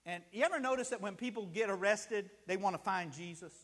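A man's voice: high voice, fairly quick, fairly bright tone, big-room sound. A man preaching a sermon as pastor, telling stories and acting out the people in them. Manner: storytelling preacher, acts out scenes with rising emotion. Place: church sanctuary.

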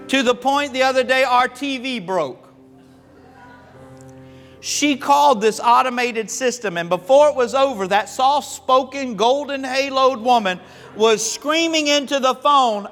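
A pastor from Florida and the American South preaching a sermon, telling stories in a folksy, humorous, animated way. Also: male voice, very high-pitched. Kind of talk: sermon with storytelling. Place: church sanctuary. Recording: long hall reverb with faint music.

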